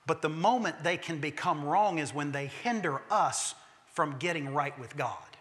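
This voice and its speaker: A male pastor delivers a sermon in a church sanctuary, telling stories emphatically and slowing down to land his key points, with the odd humorous aside. His voice is bright and forceful, sitting a little higher than most men's. A long reverb trails every phrase around the room. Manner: emphatic storytelling preacher who slows for key points.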